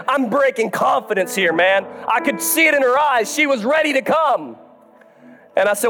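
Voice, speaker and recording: A man, a pastor telling a self-deprecating story in a sermon, moving from soft asides to shouted high points. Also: lively intonation, moderate pace, soft background music.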